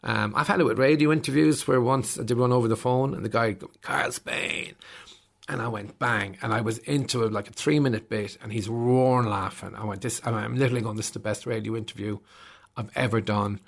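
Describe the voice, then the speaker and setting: Irish man, 50s, stand-up guest; gravelly, lively yarn-spinner who does the voices. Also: medium pitch, fast, hardly any pauses. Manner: animated storyteller acting out voices. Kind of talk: casual interview chat.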